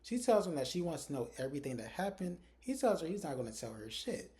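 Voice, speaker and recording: A man's voice: fairly high pitch, sing-song, quick pace, warm tone. A man recapping a television drama episode in a casual, chatty way, quoting the characters as he goes. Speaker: recap host. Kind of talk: casual plot recap with acted quotes.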